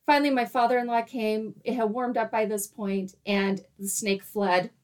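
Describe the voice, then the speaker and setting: A woman in her thirties, animated, laughing often as she tells a story in casual chat and acts out her own quoted lines. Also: fairly high pitch, moderate pace. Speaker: guest storyteller.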